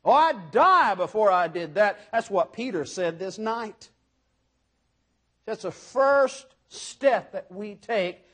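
A man preaching a sermon, speaking emphatically and putting rhetorical questions to his listeners. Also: high-pitched.

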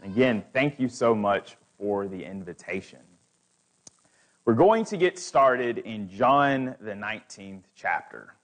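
A man's voice: fairly low pitch, lively intonation, measured pace. A man preaching as a guest speaker, building emphatic, repetitive lists. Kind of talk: sermon.

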